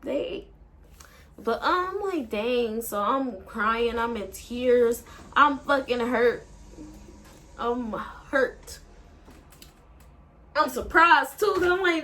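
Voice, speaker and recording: A woman's voice: a little high, lively intonation, slow pace, fairly bright tone. Rambling woman telling a breakup story. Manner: rambling, emotional, swears a lot. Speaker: vlogger. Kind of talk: casual storytime.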